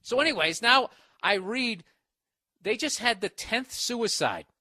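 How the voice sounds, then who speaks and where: Bright-voiced man in a profane rant. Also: on the high side, dry recording, clean studio sound. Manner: profane, mocking, rambling. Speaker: podcast host. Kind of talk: solo comedic podcast rant.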